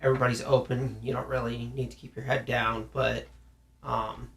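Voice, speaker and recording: Gravelly animated Southern man. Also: medium pitch, normal speed. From American South. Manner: animated, acts out stern parent voices. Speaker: podcast co-host. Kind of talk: casual chat.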